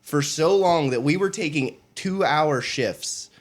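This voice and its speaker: Animated profane man telling army stories. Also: a little high, takes it slowly. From United States. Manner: profane, laughs often while telling stories. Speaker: podcast co-host. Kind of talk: casual storytelling chat.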